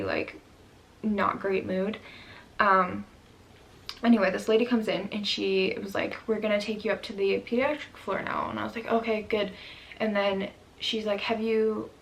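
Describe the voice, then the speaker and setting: A woman's voice: mid-range voice, gravelly, a little hiss or hum, low-quality recording. A young woman vlogger telling a personal story in a candid, emotional way, with many fillers.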